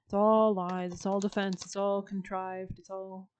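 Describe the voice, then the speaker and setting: A woman reads tarot cards in a loose, chatty way. Her voice is warm and mellow and sits at a middle pitch. She leans on slang and filler words and laughs often as she talks. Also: flat delivery, unhurried, a little hiss or hum. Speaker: tarot reader. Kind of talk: casual tarot reading.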